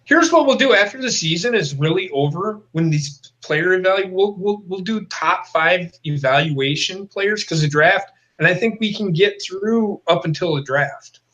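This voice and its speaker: A man with a high, bright voice rants in heated, blunt bursts. He swears constantly as he co-hosts a casual football talk show. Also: lively intonation, normal speed, few pauses, dull audio. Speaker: co-host. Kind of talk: profane football rant.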